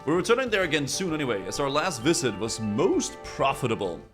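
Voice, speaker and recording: A man's voice: medium pitch, sing-song, brisk, over music, lightly acted. A man voicing a smug, haughty pirate captain in a fantasy game, speaking in a pompous, condescending way. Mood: boastful.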